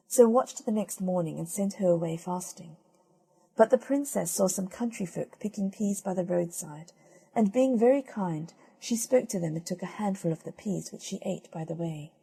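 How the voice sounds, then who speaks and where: A woman reading old fairy tales aloud as an audiobook narrator, gentle and measured. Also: medium pitch, vocal fry, husky. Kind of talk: storybook reading.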